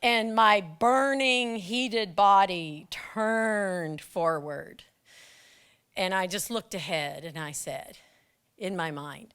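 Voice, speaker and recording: A woman, a teacher, telling a personal story to an audience with dramatic pauses. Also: medium pitch, a bit bright, clear, resonant tone.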